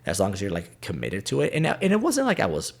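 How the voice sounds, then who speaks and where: Low husky-voiced man, animated. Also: quick pace. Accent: slight Greek. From Greece. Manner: animated storyteller, mimics slang and voices. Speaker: podcast guest. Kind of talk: casual chat.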